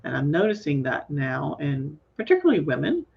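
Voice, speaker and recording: Low-voiced woman host on a video call. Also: wildly swooping pitch, brisk, gravelly, breathy edge, dull audio. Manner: conversational, affirming with mm-hmms. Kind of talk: casual live-stream chat.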